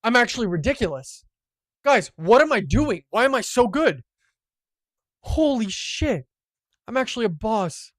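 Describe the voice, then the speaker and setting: A man streaming live gameplay, commenting as he plays, boastful and profane, swinging from loud excitement to low muttering. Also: a little fast, no echo, studio quality.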